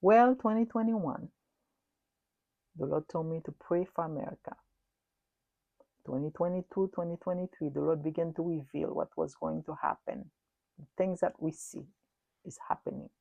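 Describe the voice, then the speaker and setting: A middle-aged woman delivering a prophetic sermon. She speaks earnestly and repeats herself, swinging between loud and hushed. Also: low-pitched, gravelly, no room sound, highs cut off. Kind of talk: prophetic sermon recounting a dream.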